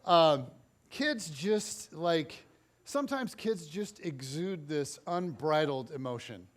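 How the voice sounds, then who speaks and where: A man preaching as pastor, telling lively stories about kids in an animated way, at church. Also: fairly high pitch, slow. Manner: animated storytelling. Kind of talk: sermon.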